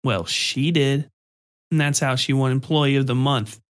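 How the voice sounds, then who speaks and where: A man voicing a drunk, crude, leering male office worker who mutters slowly and sloppily. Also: medium pitch, steady tone, close to an everyday voice. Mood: smug.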